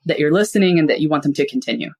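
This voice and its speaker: Husky and darkish in tone, this low-voiced woman speaks very fast with lively intonation as a finance and psychology expert guesting on a podcast. Her explanations are casual and chatty, illustrated with little everyday scenes she acts out.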